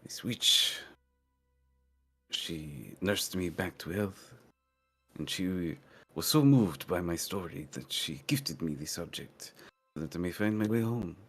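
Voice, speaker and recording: A man voicing a calm male river boatman with a vague put-on Russian-like accent, halting and full of pauses. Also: low-pitched, husky, soft background music, exaggerated voice. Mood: earnest.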